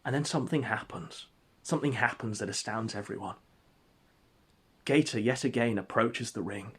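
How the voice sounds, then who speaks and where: A man narrating an absurd comic story in a deadpan, mock-epic way. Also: medium pitch, moderate pace, breathy edge. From England.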